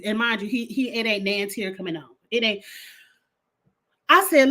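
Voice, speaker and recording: A young adult woman giving a blunt, animated reality TV review in casual vlog style, swearing freely. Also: mid-range voice, moderate pace, long pauses.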